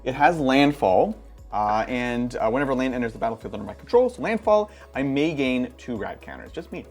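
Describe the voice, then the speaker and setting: A man chats at a card game table with a lively, swooping voice. He explains his cards in a playful way and laughs often. Faint music plays behind him. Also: medium pitch, fairly quick. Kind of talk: casual game-table chat.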